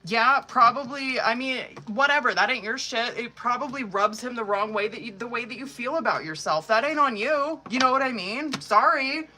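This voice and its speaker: A young woman with a bright, edgy voice reads tarot cards for viewers live on a stream. She talks bluntly and sassily, swearing freely as she explains each card. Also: fairly high pitch, normal speed, few pauses, slight background noise. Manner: blunt, profane, sassy. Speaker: tarot reader.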